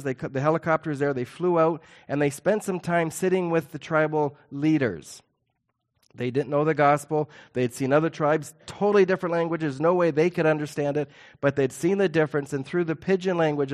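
A middle-aged man preaching a sermon to his church, earnest and emphatic, slowing down to stress key points. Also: on the high side. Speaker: pastor.

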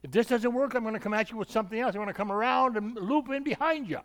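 A male preacher voicing a scheming, relentless male devil who taunts quickly and sounds higher than his own voice. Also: a bit bright. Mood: taunting. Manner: taunting, rapid threats.

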